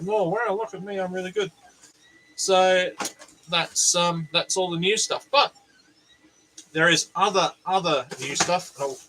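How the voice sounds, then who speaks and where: Joking Australian man with bright voice. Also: medium pitch, a little hiss or hum, poor audio. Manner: joking, self-deprecating, rambling asides. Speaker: channel host. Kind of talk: casual rambling tech vlog.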